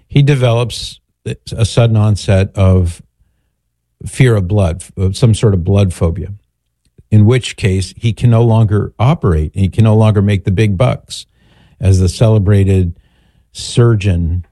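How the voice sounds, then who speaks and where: A man's voice: fairly low pitch, mellow, dry recording. A man hosting a talk show, answering a listener's question in a chatty, digressive, storytelling way. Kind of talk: casual radio-style chat.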